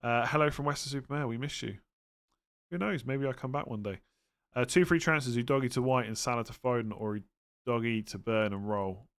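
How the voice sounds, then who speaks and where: A man's voice: medium pitch, clean tone. A man hosting a live stream, chatting casually and thinking aloud as he answers viewers' questions. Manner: relaxed, thinks aloud with fillers and quick verdicts. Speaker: livestream host answering fantasy football questions.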